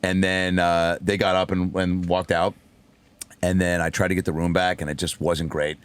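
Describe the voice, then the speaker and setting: A man, a comedian, telling a story in a casual podcast chat, animated, acting out voices and swearing freely. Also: sits low, normal speed, clean tone, no echo. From raised by a single mother. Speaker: comedian guest.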